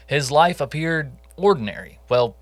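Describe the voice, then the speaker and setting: A man's voice: on the high side, animated, normal speed, dry recording. A man co-hosting a casual true crime podcast, telling the case in a conversational way with jokey asides. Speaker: podcast co-host.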